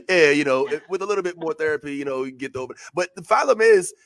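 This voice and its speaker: A man hosting a casual chat, talking emphatically and excitably and swearing freely. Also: on the high side, a little fast. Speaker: host.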